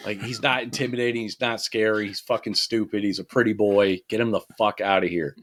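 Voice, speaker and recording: Bright-voiced man ranting in casual chat. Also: lowish voice, a little fast. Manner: animated, swears freely, ranting. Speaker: podcast co-host.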